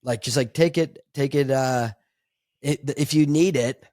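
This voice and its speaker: Unhurried and medium in pitch, this male podcast co-host has a darkish tone. He rambles through a casual chat full of fillers, restarts and laughs, recorded at studio quality with no echo.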